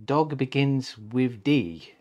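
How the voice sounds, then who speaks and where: A grumpy, doubting storybook cat, read aloud by a man. He asks his questions loudly and with a lively, swinging pitch. The delivery is unhurried. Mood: sceptical.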